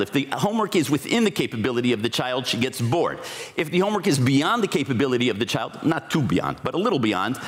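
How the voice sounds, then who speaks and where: A man speaks from a conference stage, his pitch swinging widely as he works through his points. His delivery is reflective and explanatory, with the odd restart. The sound carries a long reverb from a large hall. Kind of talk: conference talk.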